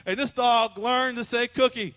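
High-voiced preacher with emphatic delivery. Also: male voice, steady tone, moderate pace, bright, forceful tone. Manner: preachy and emphatic, with call-and-response and playful imitations. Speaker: pastor. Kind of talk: sermon.

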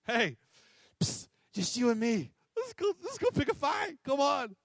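A man's voice: very high-pitched, huge pitch swings, a little slow, creaky, a bit bright, no echo, studio quality, pitched above the performer's own voice, heavily acted. A preacher voicing the warrior Jonathan as a bold, conspiratorial young man. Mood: eager.

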